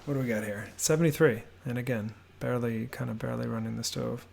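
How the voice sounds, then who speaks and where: A man narrates a house-tour voiceover from his home office, talking at an ordinary, middle pitch. His delivery is relaxed and rambling, with plenty of fillers and restarts. A gravelly fry runs through the voice. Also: fast talker. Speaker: homebuilding vlogger.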